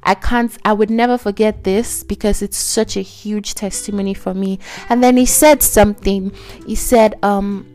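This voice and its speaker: A woman's voice: mid-range voice, steady tone, normal speed, darkish tone, faint music behind. A young woman in her twenties hosting a podcast and telling a personal faith story in a chatty, emotional way, full of fillers and repeated words. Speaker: podcast host. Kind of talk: casual faith testimony podcast.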